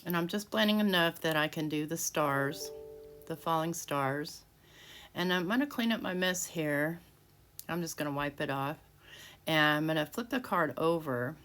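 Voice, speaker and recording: Casually describing what she does, a woman makes a handmade card step by step in her home craft room, often restarting. She speaks at a moderate pace in a low-pitched, fairly bright voice for this crafting tutorial.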